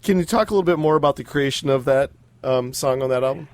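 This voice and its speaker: A podcast host, a man of middle pitch, asks casual interview questions and drops in short, keen reactions. His voice sounds dry and close, with no room around it. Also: fast talker, dry recording.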